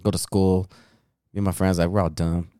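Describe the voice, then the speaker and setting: A man in his thirties with a low voice chats on a podcast. He tells stories in an animated way, with lots of swearing and filler "likes". The sound is dry and close to the mic. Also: a little fast, dry recording. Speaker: podcast co-host. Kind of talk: casual chat.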